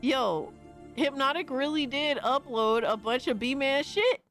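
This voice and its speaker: A young adult woman streamer doing profane, excitable reaction commentary, often shrieking in disbelief. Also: sits high, unhurried, soft background music.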